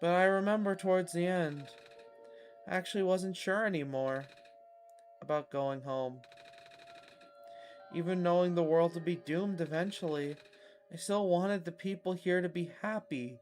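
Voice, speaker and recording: A man voicing a gentle, lost child from another world, reading the game dialogue aloud in a soft, subdued way. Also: high-pitched, unhurried, pauses often, faint music behind. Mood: wistful.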